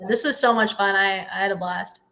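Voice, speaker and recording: A woman from Vermont chats as an interview guest, telling stories in a bubbly, animated way. Her voice is bright and crisp at a middle pitch. She speaks as a hockey team's general manager. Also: fairly quick, low-quality recording. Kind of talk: casual interview chat.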